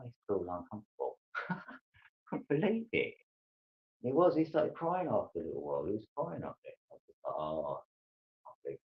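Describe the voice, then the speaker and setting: A man hosting a livestream, chatting casually in a loose, meandering way. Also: on the low side. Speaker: livestream host. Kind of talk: casual chat. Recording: dull lo-fi stream audio.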